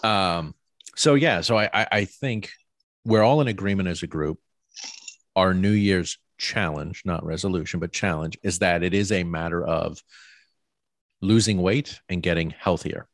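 A man hosting a casual podcast chat with friends, relaxed, swearing now and then and steering the group. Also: low voice, a little slow, no room sound, clean studio sound. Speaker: podcast host.

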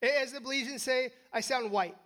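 Conversational American preacher, high voice. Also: brisk, fairly bright tone. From United States. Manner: conversational, frequent tag questions and restarts. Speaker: pastor. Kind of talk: sermon.

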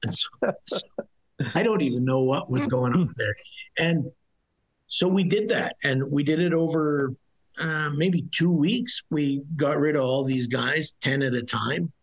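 In a rough recording, a middle-aged former soldier speaks as an interview guest, his voice fairly high and unhurried. He tells his story in a blunt, rambling, conversational way, restarting often.

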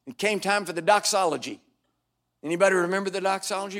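Older male preacher; wry, dramatic storyteller, fairly high voice, punches up key lines. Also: fast. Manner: wry, dramatic storytelling with sudden loud bursts. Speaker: pastor. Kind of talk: storytelling sermon. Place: church sanctuary before a congregation.

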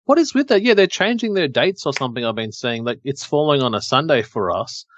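A man's voice: mid-range voice, sing-song, a little fast, highs cut off. A man co-hosting a podcast in casual, joking, rambling chat. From Australia. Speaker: podcast co-host.

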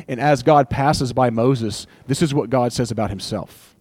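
A young man preaching a sermon in a casual, conversational way, animated and joking, slipping into little acted asides. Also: mid-range voice, normal speed, no room sound. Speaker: pastor.

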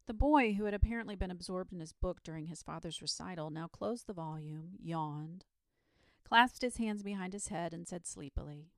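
A woman reading a children's story aloud in a slow, soothing bedtime style. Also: on the low side, no echo.

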